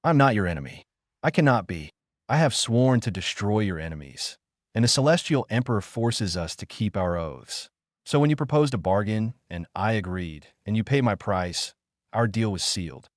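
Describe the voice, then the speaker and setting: Cruel gloating fox demon, higher than the guy doing it's own voice, dry close sound, storybook reading. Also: animated, moderate pace, no room sound, natural voice. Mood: mocking. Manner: taunting, gloating.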